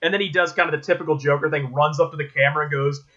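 Guy on a podcast gushing about a movie, bright tense voice, kinda muffled lo-fi sound. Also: fairly high pitch, racing. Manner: animated retelling, acts out quotes, frequent restarts. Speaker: podcast co-host. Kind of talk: casual movie review chat.

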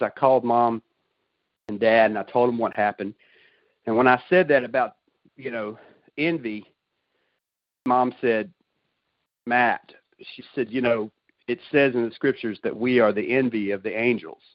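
A man's voice: mid-range voice, a little slow, pauses often, no echo. Earnest man telling a faith story. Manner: earnest, folksy, self-deprecating with laughs. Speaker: guest sharing a testimony. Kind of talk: emotional personal storytelling. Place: call over the internet. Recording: dry, dull lo-fi sound.

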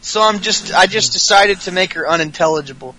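A man's voice: high voice, brisk, pushed and bright, a little hiss or hum, low-quality recording. A man hosting a podcast, recapping wrestling in casual, profane chat with frequent laughs. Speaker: podcast host.

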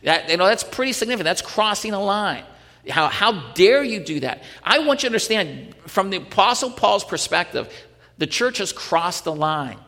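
Male pastor, slightly high voice, earnest sermon full of rhetorical questions, recorded with a long hall echo. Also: lively intonation, normal speed, pushed and bright.

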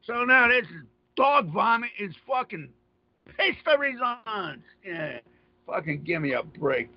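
Male radio host, very high voice, combative profane ranter, lo-fi sound. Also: sing-song, unhurried. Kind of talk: ranting monologue. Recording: dull lo-fi dry audio.

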